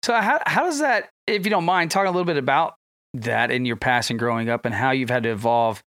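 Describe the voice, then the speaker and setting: A man's voice: medium pitch, quick pace, fairly bright tone, no echo, clean studio sound. A man hosting a podcast, asking long, rambling questions full of fillers in a friendly way. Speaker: podcast host. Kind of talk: casual podcast interview. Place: podcast studio.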